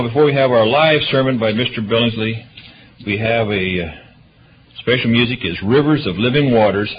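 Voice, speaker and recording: Rambling chatty church deacon, man. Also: fairly low pitch. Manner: rambling, chatty, self-correcting with many uhs. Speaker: church deacon giving announcements. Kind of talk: folksy church announcements. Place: church meeting room. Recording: muffled livestream audio with faint hiss.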